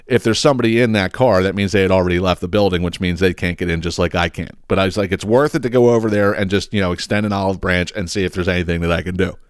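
Profane, animated man telling a story. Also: sits low, dry recording, clean studio sound. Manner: profane, animated storyteller who acts out quotes. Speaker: podcast host. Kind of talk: casual storytelling.

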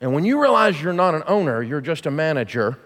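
Brief: middle-aged man, high and very animated voice, emphatic preaching, long hall reverb. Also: fast talker. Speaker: guest speaker. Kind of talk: sermon. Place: large church auditorium.

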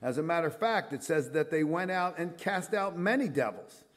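A man's voice: fairly high pitch, expressive, normal speed. A middle-aged male pastor preaching a sermon in an earnest, conversational way, with frequent fillers and restarts.

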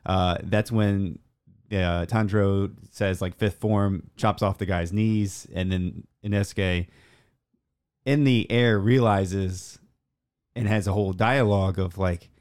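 A man's voice: fairly low pitch, slow, long pauses, darkish tone, clear, resonant tone. A man casually recapping an anime episode on a podcast, rambling with many fillers and acting out the characters' lines. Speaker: podcast co-host.

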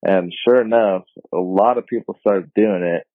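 A young man telling a story casually on a podcast, slangy and swearing, jumping high when he quotes people. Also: moderate pace, no room sound. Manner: laid-back slangy, swears often, voices others in high tones. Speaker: podcast guest. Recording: phone-like dry sound.

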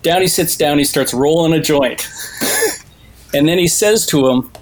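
A man on a casual podcast, retelling a film scene with animated, rambling asides. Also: fairly high pitch, normal speed, a little hiss or hum. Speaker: podcast co-host.

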